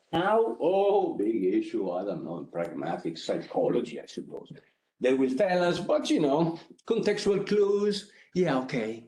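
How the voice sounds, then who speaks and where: A man with an Italian accent giving an academic lecture, conversational and animated, often checking in with the audience. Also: mid-range voice, reverberant. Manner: animated, conversational, frequent "right?" asides.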